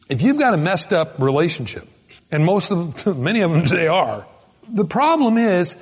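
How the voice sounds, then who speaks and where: A man preaching a sermon in a folksy, animated storytelling manner with sudden loud bursts. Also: high-pitched, breathy edge, long reverb tail. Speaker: pastor.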